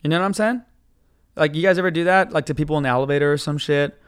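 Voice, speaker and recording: A man with a smooth, clear voice pitched a little high tells a story as a podcast host. He rambles and swears casually, and he slips into other people's voices as he goes. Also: rapid-fire.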